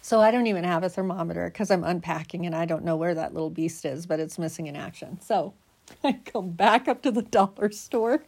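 A woman's voice: on the low side, fairly quick, a little mellow, husky. A tired, stressed woman from Oregon telling a rambling, self-mocking story to her viewers, breaking into laughter often.

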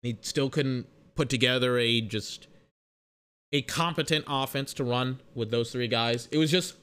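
A man's voice: mid-range voice, measured pace, a bit bright, clear, resonant tone. A young man in a casual, rambling sports rant that is profane and full of self-corrections.

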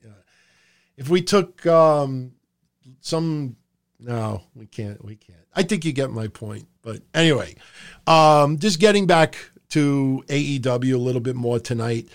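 A middle-aged podcast host runs a live stream from a room at home under hot lights, offering loose, rambling, profane commentary in a casual style. His medium-pitched voice is expressive and measured in pace.

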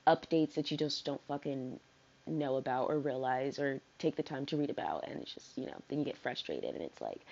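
A woman's voice: very deep voice, animated, brisk, creaky, warm tone, dull audio. A woman hosting her own solo podcast, talking casually in a rambling way with lots of fillers and free swearing. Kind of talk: casual unscripted podcast monologue.

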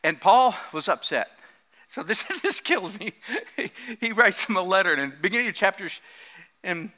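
A man preaching a sermon in an animated, joking way, laughing often at his own jokes. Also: sits high, normal speed. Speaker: pastor.

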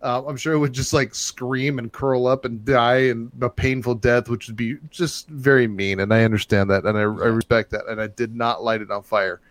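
A man telling a long story in casual chat, rambling and getting loud and animated as it builds. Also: mid-range voice, moderate pace, few pauses, no room sound. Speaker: podcast host telling a story.

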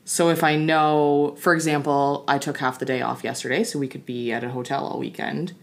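Low-voiced giggly woman co-host. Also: fairly even intonation, fairly quick. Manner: giggly, playful. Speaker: podcast co-host. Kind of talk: casual chat.

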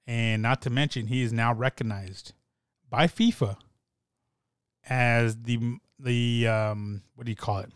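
A young man talking in a rambling, excitable way with many fillers and restarts, as in casual chat. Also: medium pitch, a little slow, smooth, dry recording, clean studio sound. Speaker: soccer fan podcaster.

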